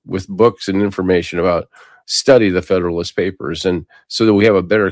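Older guy ranting on his own show, really low voice, dry close sound, keeps restarting. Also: no echo. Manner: rambling, repeats words and restarts often. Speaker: talk show host. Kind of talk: casual political monologue.

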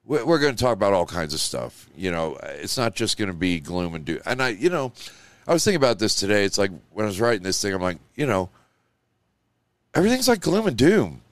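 A man's voice: on the low side, sing-song, fairly quick, no echo. A man hosting a live show, talking in a loose, emotional, rambling monologue full of "you know" and "like.". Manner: emotional, rambling, heavy on 'you know' and 'like'. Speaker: show host.

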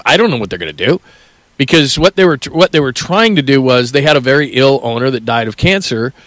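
A man hosting a sports talk show, firing off stats and questions in a brisk way with frequent filler sounds. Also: mid-range voice, a bit bright, no room sound. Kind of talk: sports talk radio banter.

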